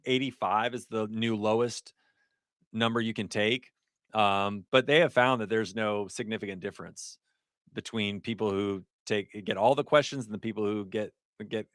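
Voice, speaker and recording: A man's voice: fairly low pitch, fairly bright tone, dry recording, studio quality. A middle-aged man, an ER nurse, hosting a casual livestream, reading chat aloud and laughing often.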